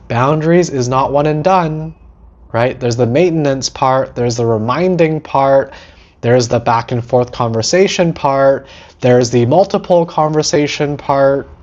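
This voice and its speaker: A man hosting a teaching talk about setting boundaries, animated, acting out short quoted lines and often asking "right?". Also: mid-range voice, dull audio. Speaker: host.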